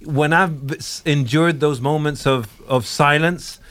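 A man's voice: on the high side, a little slow, fairly bright tone, dry recording. A man co-hosting a podcast, chatting casually and rambling with restarts. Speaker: podcast co-host. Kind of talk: casual chat reviewing a TV series.

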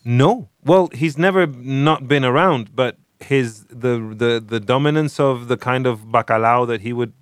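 A man's voice: mid-range voice, measured pace, hardly any pauses, clean tone, no room sound, clean studio sound. A man co-hosting a casual music chat, enthusiastic and rambling, with many restarts. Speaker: podcast co-host.

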